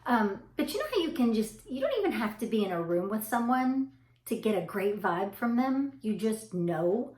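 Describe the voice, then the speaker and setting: A woman's voice: on the high side, sing-song, moderate pace, darkish tone. A middle-aged woman with a Southern US accent, chatting casually to her viewers in a rambling, friendly way. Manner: chatty, rambling, says y'all. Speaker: vlogger. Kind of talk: casual chat to camera. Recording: echoey room.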